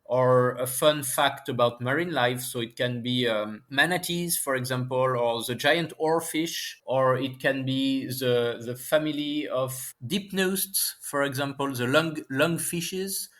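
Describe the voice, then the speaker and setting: Man, French accent, non-native English, interview guest, halting delivery, mid pitch. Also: fairly bright tone. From France. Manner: halting, searching for English words. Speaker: guest scientist and author. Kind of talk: casual interview conversation.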